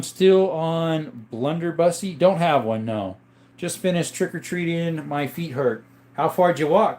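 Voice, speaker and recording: A man's voice: a little high, darkish tone. A young man hosting a casual livestream, reading chat and greeting viewers by name in a chatty, upbeat way.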